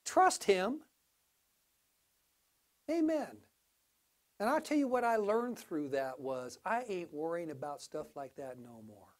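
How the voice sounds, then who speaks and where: A male pastor preaching a sermon, telling a folksy story with big swings between quiet and loud. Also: sits high, animated, slow pace, long pauses.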